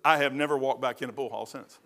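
An older man, a pastor telling folksy stories in a sermon, rambling and swinging from loud to hushed. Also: mid-range voice, steady tone, fast talker. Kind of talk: storytelling sermon.

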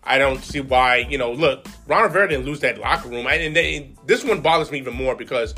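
A man's voice: medium pitch, a little fast, sharp tone, soft background music. A man co-hosting a casual sports podcast, talking emotionally and rambling with restarts. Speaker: podcast co-host.

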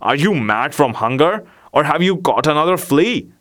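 Blackfoot, an excitable hungry dog, voiced by a man. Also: on the high side, normal speed. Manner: gruff, eager.

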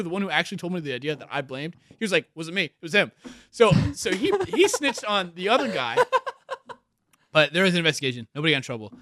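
Young man, casual chat, lots of swearing, bright tone, dry close sound. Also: high voice, no room sound. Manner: swears a lot, animated, laughs through stories. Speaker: podcast guest.

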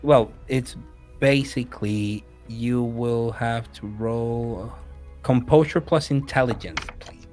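A man's voice: medium pitch, takes it slowly, darkish tone, soft background music. A man narrating a tabletop game as game master, hesitant and full of fillers.

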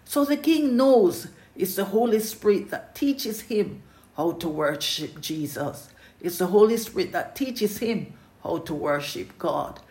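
An earnest preacher delivers a sermon at an unhurried, deliberate pace, leaning on repetition. The voice carries a gravelly, crackly texture. It is recorded in a roomy, echoey space. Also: mid-range voice. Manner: earnest, repetitive, often dropping to a hushed, intimate tone.

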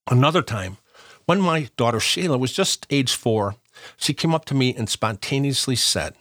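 A middle-aged man giving a gentle, earnest devotional reflection and reading scripture, sometimes dropping to a hush. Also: mid-range voice, expressive, normal speed, no echo, clean studio sound. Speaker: Catholic devotional speaker.

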